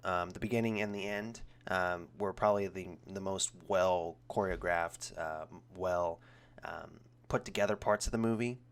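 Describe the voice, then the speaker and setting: Low-voiced young man reviewing a movie. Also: normal speed, smooth. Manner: rambling, many ums and restarts, grows animated when critical. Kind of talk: casual spoken review.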